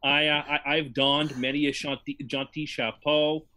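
Man co-hosting a podcast, bright-toned, mock-pompous and wordy. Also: fairly high pitch, level tone, normal speed. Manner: mock-grandiose, self-aggrandizing, wordy. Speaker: podcast co-host. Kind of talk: casual chat.

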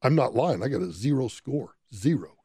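A middle-aged man hosting a call-in radio show, talking in an excitable way and often stammering as he repeats words. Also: medium pitch, a little fast, husky, no room sound, clean studio sound. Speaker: radio talk show host. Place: radio studio. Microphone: studio microphone.

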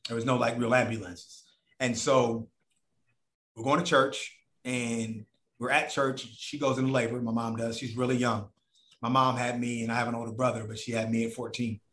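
Animated man telling stories, echoey room. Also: mid-range voice, moderate pace. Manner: animated, profane, acts out voices of others. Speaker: podcast guest. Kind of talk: casual storytelling.

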